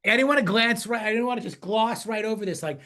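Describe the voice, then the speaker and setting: A man's voice: sits high, quick pace, bright, forceful tone. A middle-aged man co-hosting a casual chat, teasing and playfully contrary with his partner. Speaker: podcast co-host.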